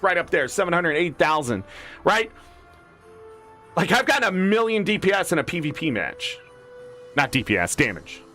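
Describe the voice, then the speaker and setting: A man's voice: fairly high pitch, sharp tone. A man in his thirties streaming a game, ranting casually with profanity and switching into mock voices. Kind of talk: casual gaming rant.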